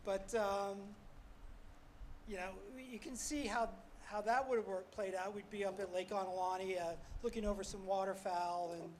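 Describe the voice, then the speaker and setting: A man's voice: high voice, steady tone, normal speed, a little mellow, a little hiss or hum, poor audio. An older man giving a ceremony speech outdoors, telling wry, self-deprecating stories about his club. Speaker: ornithology club past president speaking at a ceremony. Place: outdoor street-corner ceremony.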